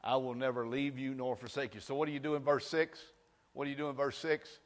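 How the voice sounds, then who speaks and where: A man's voice: medium pitch, flat delivery, brisk. Man, pastor, sermon, rhetorical questions, echoing hall. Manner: preaching with rhetorical questions, rising to shouts. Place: church sanctuary.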